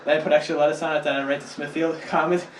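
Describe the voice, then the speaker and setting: A man rattling off an improvised nonsense story in a rapid, deadpan stream of absurd events, recorded among friends. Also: on the high side. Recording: echoey room from a distance, faint noise.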